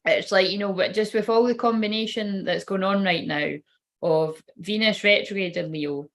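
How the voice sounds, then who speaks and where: A woman's voice: mid-range voice, normal speed, a bit bright. Chatty woman reading cards. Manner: chatty, rambling, swears casually. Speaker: tarot card reader. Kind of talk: casual livestream card reading.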